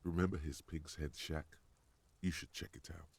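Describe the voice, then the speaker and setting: An actor voicing a measured inner-voice narrator in a video game. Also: male voice, very deep voice, steady tone, vocal fry, breathy edge, no room sound, exaggerated voice. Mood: narrating.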